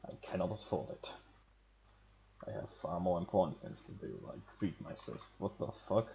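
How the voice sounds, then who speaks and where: A man's voice: sits low, big pitch swings, normal speed, vocal fry, dark tone. A man streaming a game, chatting casually with wry, profane, rambling asides. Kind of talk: casual gameplay commentary.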